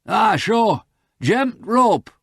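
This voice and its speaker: A man voicing a gruff rustic rescuer who calls out urgently in broad country dialect. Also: high voice, big pitch swings, extremely slow, no echo, studio quality, voice pushed up, heavily acted. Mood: urgent calling. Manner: loud, urgent calling.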